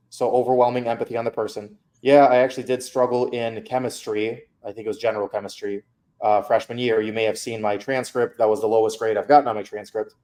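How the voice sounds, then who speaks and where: A man's voice: on the low side, darkish tone. A man coaching a student through feedback on her mock interview, candid and casual.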